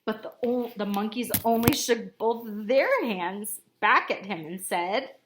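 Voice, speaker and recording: A woman's voice: medium pitch, animated, a little slow, background noise. A woman reading a picture book aloud to children, asking them questions and having them join in. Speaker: storyteller for children.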